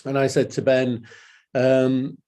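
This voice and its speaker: A man giving a guest talk over a video call, emotional and hesitant, with halting delivery. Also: mid-range voice, flat delivery, dark tone. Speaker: project director.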